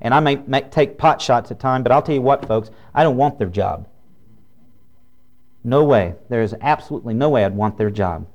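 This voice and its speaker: A man's voice: mid-range voice, normal speed, a little mellow, muffled recording. A man preaching a folksy, humorous sermon as a pastor.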